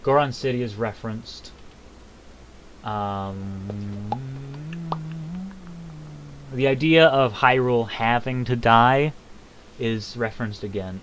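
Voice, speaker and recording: A man's voice: lowish voice, takes it slowly, long pauses, fairly bright tone, a little hiss or hum, poor audio. A young man casually commenting on a game's lore, rambling with many ums and self-deprecating jokes.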